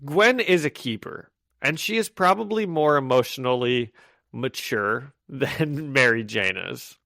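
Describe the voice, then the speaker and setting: Recapping comic issues on a podcast he co-hosts, a man speaks at a measured pace in a medium-pitched, gravelly voice. The studio-quality recording is dry, and his casual, animated delivery includes acting out characters' lines in voices.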